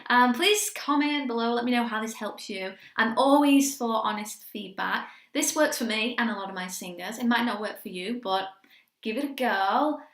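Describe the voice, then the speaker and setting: A young woman teaches singing in a quick, chatty lesson, encouraging her listeners as she goes. Her voice sits high and sounds bright. The room around her is noticeably echoey. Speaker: vocal coach.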